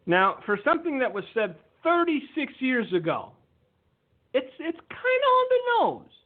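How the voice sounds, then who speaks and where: Male ministry host, high pitch, earnest and emphatic, phone-quality audio. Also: huge pitch swings. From Romania. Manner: earnest, emphatic, with pauses and restarts. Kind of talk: preaching commentary, reading a testimony aloud.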